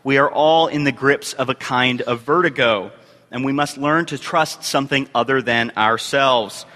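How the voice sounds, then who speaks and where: A man preaching a sermon as a youth and family minister, reading scripture in measured phrases with emphatic rises. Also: mid-range voice, sharp tone. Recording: long hall reverb.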